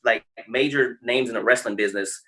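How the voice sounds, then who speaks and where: A man's voice: mid-range voice, brisk, sharp tone. A man from Texas, a guest on a podcast, telling stories casually and animatedly, acting out other people's lines and swearing freely. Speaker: guest, creator of the wobble dance and wrestler.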